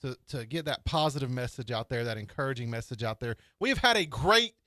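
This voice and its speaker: Animated man co-hosting a radio show. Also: medium pitch, fairly quick. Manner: animated storyteller, acts out family dialogue. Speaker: radio co-host. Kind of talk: casual radio chat.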